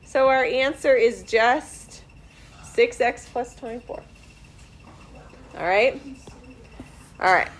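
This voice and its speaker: A woman math teacher in a classroom, walking students through problems step by step in a slow, deliberate way. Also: a little high, slight background noise. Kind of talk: classroom instruction.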